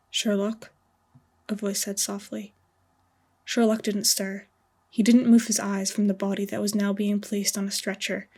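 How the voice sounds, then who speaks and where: A woman narrates her own story in a slow, hushed audiobook style. Her voice is breathy and husky, keeping an even, narrow pitch. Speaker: fanfiction author reading her story.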